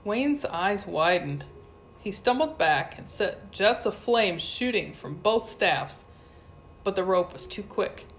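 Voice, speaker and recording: A woman reading a first-person adventure story aloud with lively storytelling. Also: medium pitch, slow, a little hiss or hum. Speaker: audiobook narrator. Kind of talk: first-person audiobook narration.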